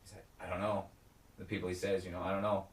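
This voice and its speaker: A man's voice: deep voice, quick pace, gravelly, reverberant, distant mic, a little hiss or hum. A man co-hosting a casual podcast chat, acting out characters' lines with lots of swearing. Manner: animated, acts out characters' lines, swears often. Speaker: podcast co-host. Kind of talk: casual chat recapping a TV episode.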